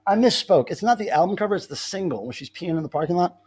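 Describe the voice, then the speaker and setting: A man's voice: high voice, lively intonation, fast, darkish tone, husky. A man hosting a casual live stream, telling rambling stories with many restarts. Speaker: livestream host.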